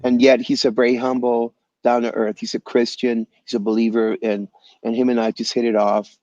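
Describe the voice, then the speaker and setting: A man being interviewed as a guest musician over a video call, telling animated stories in a loose, slangy way and calling people "man" and "bro". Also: medium pitch, a little fast, dry recording, muffled recording. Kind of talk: casual storytelling interview. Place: home in Los Angeles area.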